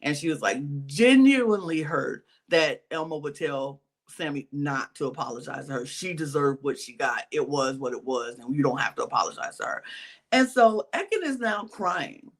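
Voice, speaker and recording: A woman's voice: low voice, lively intonation, moderate pace. A woman co-hosting a podcast, animatedly retelling reality-TV scenes in casual chat. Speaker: podcast co-host.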